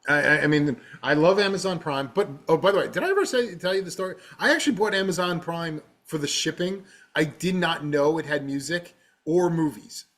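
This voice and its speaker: Chatty, excitable man. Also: on the high side, fairly quick, few pauses. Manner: chatty, excitable, talks while eating candy. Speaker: podcast co-host. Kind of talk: casual chat.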